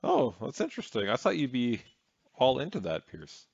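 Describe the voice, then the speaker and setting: A man's voice: mid-range voice, huge pitch swings, moderate pace, gravelly, a little mellow, breathy edge, dry recording, muffled recording. Sarcastic man reacting over a clip. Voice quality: mocking, sarcastic. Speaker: reaction commentator.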